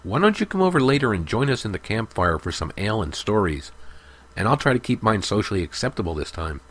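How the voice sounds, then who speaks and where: A man's voice: on the low side, very animated, a bit bright, breathy edge, pitched above the performer's own voice, exaggerated voice. A man doing a glib young merchant. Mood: nervous. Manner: glib, persuasive, fast-talking.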